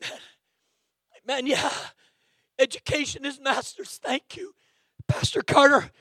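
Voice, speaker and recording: A man preaching an impassioned sermon in a church, breaking into shouts and dropping "amen" between lines. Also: extremely high pitch, unhurried, dry recording, studio quality. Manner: fervent, bursts into shouting, peppers lines with "amen". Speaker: guest preacher. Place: church sanctuary.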